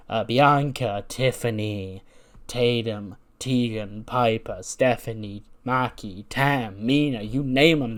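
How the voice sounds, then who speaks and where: Rambling male game narrator. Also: medium pitch. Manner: rambling, self-amused. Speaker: let's-play narrator. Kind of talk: casual game commentary.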